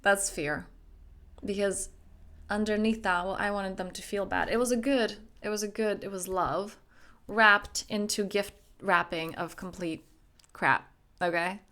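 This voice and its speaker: A woman's voice: mid-range voice, steady tone, measured pace, bright, forceful tone. A young adult woman, a life coach, giving an emphatic motivational self-help talk, acting out her own inner dialogue.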